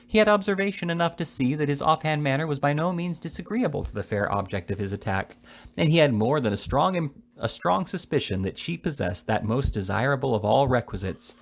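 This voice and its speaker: A man reads a classic novel aloud in a relaxed, unhurried way, now and then stumbling on a word and starting the phrase again. His voice sits at an ordinary middle pitch for a man. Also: gravelly. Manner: unhurried reading with frequent small slips and restarts. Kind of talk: casual read-aloud narration.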